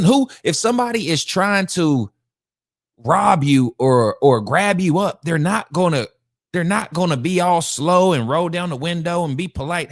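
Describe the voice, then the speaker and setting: Animated man reacting, dry close sound. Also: fairly high pitch, measured pace, dry recording. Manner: animated, slangy, emphatic, repeats lines for effect. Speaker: podcast host reacting to a video. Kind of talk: casual reaction commentary.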